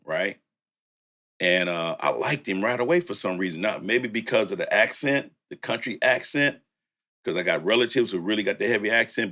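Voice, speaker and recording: A middle-aged man with a low voice and a Southern country lilt tells stories as an interview guest. He is relaxed and easygoing, and his pitch jumps up when he acts out old conversations. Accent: Southern US country accent. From Louisiana, raised in the Bay Area. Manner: laid-back, laughing, acts out quotes with rising pitch. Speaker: music producer, guest. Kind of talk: storytelling interview.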